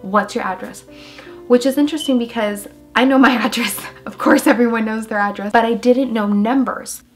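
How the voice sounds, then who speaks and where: A young woman vlogging as a mother, telling a personal story in an emotional, halting way with many fillers. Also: fairly high pitch, steady tone, faint music behind. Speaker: mom vlogger.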